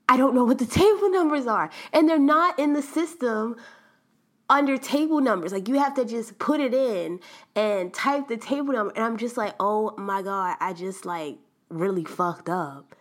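A young adult woman hosting a podcast, telling a story in a chatty, animated way and laughing often. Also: fairly high pitch, moderate pace. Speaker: podcast host. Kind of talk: casual storytelling monologue.

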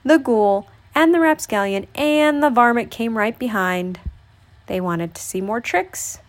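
A woman reading a children's picture book aloud, with an expressive storytelling delivery. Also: fairly high pitch, a little slow.

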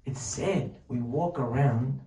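A man giving a Torah talk as a sermon, animated and full of rhetorical questions, sometimes dropping to a near-whisper to act out pleading. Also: medium pitch, takes it slowly. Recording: distant mic, echoey room, faint noise.

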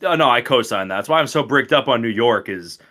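A man's voice: medium pitch, expressive, a little fast, pushed and bright. A young man co-hosts a podcast, talking with slangy enthusiasm and plenty of swearing. His voice sits in an ordinary middle range. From Boston area. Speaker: podcast co-host. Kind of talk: casual chat.

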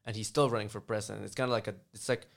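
A man talking politics in a casual, rambling chat, often halting and restarting mid-sentence. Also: on the low side, fairly even intonation, vocal fry.

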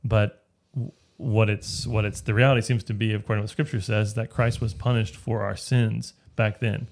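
A man's voice: fairly low pitch, flat delivery, moderate pace, vocal fry, darkish tone. A man leading a casual Bible study, explaining a passage step by step and often checking in with "right?". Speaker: Bible teacher.

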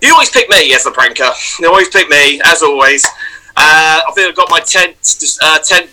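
A man who is an actor, telling festival stories in a casual podcast chat with lively, swearing anecdotes. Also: a little high, moderate pace, low-quality recording. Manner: animated storyteller, swears, acts out loud voices in anecdotes. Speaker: guest, actor and vlogger.

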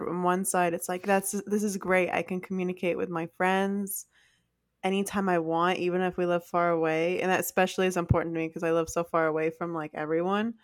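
A woman's voice: fairly low pitch, no room sound. Easygoing woman, dry close mic. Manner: easygoing and talkative. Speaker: podcast co-host. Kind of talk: casual chat.

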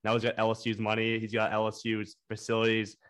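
A man's voice: on the low side, completely flat delivery, fast, a bit bright, clear, resonant tone. A young man co-hosting a sports podcast, chatting casually in enthusiastic, opinionated bursts about college football. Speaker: podcast co-host.

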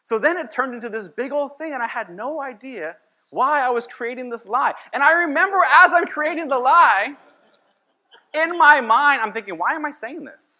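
A man's voice: very high-pitched, animated, normal speed, bright, forceful tone. A man preaching as a pastor, telling a personal story in a conversational sermon and acting out his own lines.

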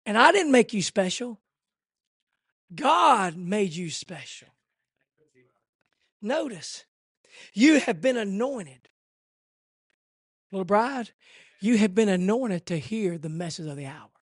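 A man preaching a revival sermon at a church service, swinging from hushed asides to shouted, rhythmic repetition. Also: sits high, animated, takes it slowly, long pauses, no echo, studio quality. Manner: rhythmic repetition, rising cadence.

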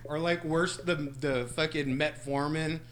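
A man's voice: a little high, steady tone, a little slow, fairly bright tone. Crude joking man in his thirties. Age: 30s. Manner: crude, jokey storyteller. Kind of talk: casual comedic chat.

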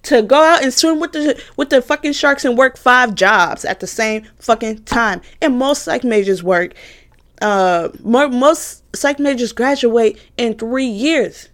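A young woman in her twenties rants through a heated storytime vlog about a former roommate. Her voice sits a little high, and she swears freely, jumping between exasperation and mocking retorts. She talks straight to her viewers in a casual, animated way. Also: unhurried. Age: 20s. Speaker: college student vlogger.

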